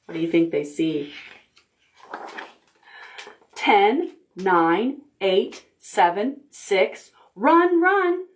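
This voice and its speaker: A woman librarian reading a picture book aloud to preschoolers, pointing out the pictures as she goes. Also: on the low side. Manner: slow, animated, pointing out pictures to children. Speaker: children's librarian.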